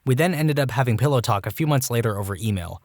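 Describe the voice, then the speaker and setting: A man reading reddit stories aloud with animated delivery and wry asides. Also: medium pitch, fast, no room sound, clean studio sound. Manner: animated, jumps into quoted voices with wry asides. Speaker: storytime narrator.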